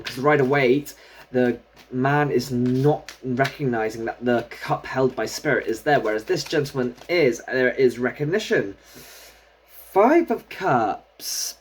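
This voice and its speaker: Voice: mid-range voice, breathy edge. Chatty tarot reader. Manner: chatty, thinking aloud while drawing cards. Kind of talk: casual solo tarot reading.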